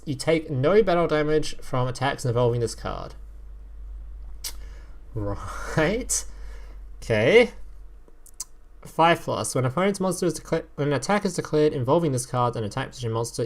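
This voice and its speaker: A man's voice: mid-range voice, lively intonation, normal speed. A man streaming casual commentary as he reviews game cards, reading card text aloud, swearing and laughing as he goes.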